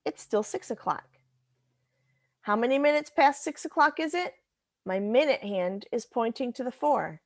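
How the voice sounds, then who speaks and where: Slow, patient woman teacher. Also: a little high, no room sound, clean studio sound. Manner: patient, step-by-step explaining with self-corrections. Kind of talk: recorded math lesson walkthrough.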